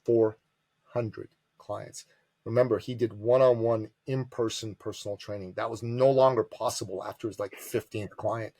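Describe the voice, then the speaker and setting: A man telling a business story as a podcast guest, animated and emphatic, calling the listener brother. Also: on the low side, fairly quick, hardly any pauses, no room sound.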